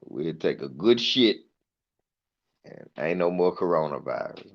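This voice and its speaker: A man telling profane stand-up stories, animated and acting out the people in them. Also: deep voice, measured pace, lo-fi sound. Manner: profane, animated, mimics voices. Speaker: comedian. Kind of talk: stand-up storytelling.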